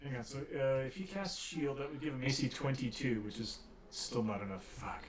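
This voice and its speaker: Rambling dungeon master in an echoey room. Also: male voice, mid-range voice, normal speed, a crowd in the background. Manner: rambling, laughs often, many restarts. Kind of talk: narrating a tabletop game. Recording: echoey room, distant mic.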